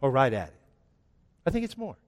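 A man's voice: medium pitch, a little fast. A middle-aged male pastor preaching a sermon in a church, telling stories with rising emphasis. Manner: animated storytelling with rising emphasis. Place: church sanctuary. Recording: long church reverb.

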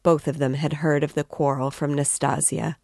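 Steady woman narrating a novel. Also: low-pitched, normal speed, gravelly, no room sound, clean studio sound. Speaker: reader and guide. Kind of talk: reading a classic novel aloud.

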